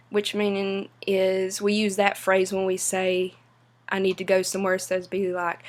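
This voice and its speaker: Flat-toned Appalachian Southern woman. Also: medium pitch. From western North Carolina. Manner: unhurried, many "um" pauses. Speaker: vlogger. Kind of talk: casual explanatory vlog.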